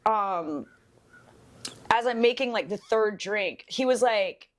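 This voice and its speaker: A young woman co-hosting a podcast, telling a bartending story in a casual, swearing, animated way. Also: medium pitch, takes it slowly. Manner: swears freely, animated when quoting people.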